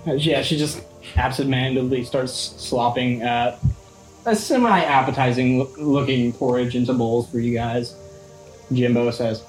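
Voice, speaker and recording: A casual game master narrating a tabletop game in an offhand, chatty manner. Mid-pitched, with a roomy echo on the recording and faint music behind. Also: measured pace.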